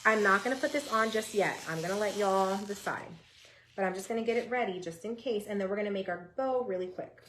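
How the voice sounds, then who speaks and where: A woman hosting a live DIY craft stream, chatting with viewers, greeting them by name, and breaking into excited yelling. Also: medium pitch, a little fast, a little hiss or hum.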